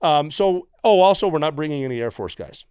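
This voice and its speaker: A middle-aged man from the United States, a former Navy SEAL guest telling stories in a casual, profane, animated way. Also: a little high, brisk, clear, resonant tone, dry recording, studio quality. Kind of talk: casual storytelling.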